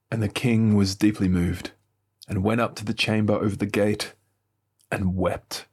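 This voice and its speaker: A man leading morning prayer, reading scripture aloud in a measured, solemn way and lifting his voice slightly for quoted speech. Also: sits low, fairly even intonation, breathy edge.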